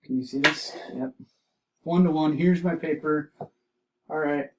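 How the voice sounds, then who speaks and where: A man teaching an art lesson, explaining drawing steps and repeating key terms slowly as he demonstrates. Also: fairly high pitch, fairly even intonation, far from the mic, background noise.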